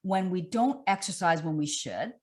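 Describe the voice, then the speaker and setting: A middle-aged woman fitness coach, talking in an animated, emphatic way with lots of repetition during an online interview. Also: fairly low pitch, normal speed.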